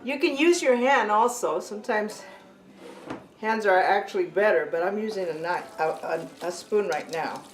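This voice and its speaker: Middle-aged home cook, woman, chatty kitchen how-to, mid-pitched, recorded from a distance in an echoey kitchen. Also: normal speed. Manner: chatty, keeps saying okay, corrects herself mid-sentence. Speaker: home cook teaching a family recipe. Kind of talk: casual cooking demonstration. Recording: echoey room, distant mic, faint hiss.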